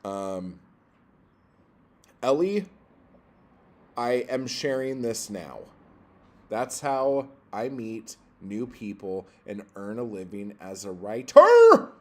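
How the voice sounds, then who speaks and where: A man hosting a poetry livestream, ranting in a profane, exasperated way, jumping from loud outbursts to low muttering. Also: huge pitch swings, takes it slowly, pauses often.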